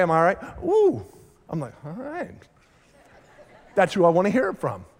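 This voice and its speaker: Emphatic pastor with a high voice. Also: male voice. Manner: emphatic, acts out quoted voices. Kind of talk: sermon. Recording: long hall reverb.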